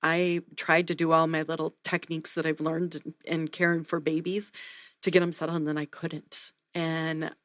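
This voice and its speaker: A woman, a neonatal nurse practitioner, telling a story in an interview, earnest and animated. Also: deep voice, moderate pace, no echo, studio quality. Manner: earnest, animated retelling with acted quotes.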